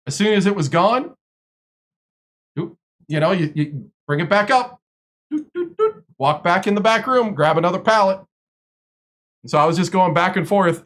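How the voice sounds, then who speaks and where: A man's voice: high voice, a bit bright. A man from Wisconsin, a streamer, telling long stories in casual chat with lots of fillers and restarts. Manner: rambling, filler-heavy storytelling.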